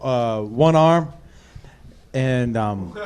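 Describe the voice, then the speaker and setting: A man's voice: mid-range voice, expressive, drawn-out words, a little mellow. A man who is a comedian guest on a live podcast, telling stories and laughing. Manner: laughing, storytelling.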